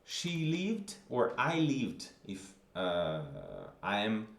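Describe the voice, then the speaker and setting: A man's voice: mid-range voice, sing-song, extremely slow, echoey room. A man teaching a grammar lesson, patiently repeating examples and checking in with the listener. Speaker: language teacher.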